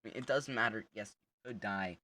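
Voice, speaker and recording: A man's voice: on the low side, brisk, sharp tone. A young man casually joking through a horror game, teasing the monster with lots of laughter. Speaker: gamer playing a horror game. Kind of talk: casual let's-play commentary.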